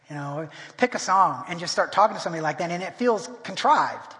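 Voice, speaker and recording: Middle-aged man, pastor, high voice, delivering a sermon in an emphatic manner with lots of restarts, in a church hall with long reverb. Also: animated, brisk, fairly bright tone. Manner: emphatic, often restarts and repeats words. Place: church sanctuary.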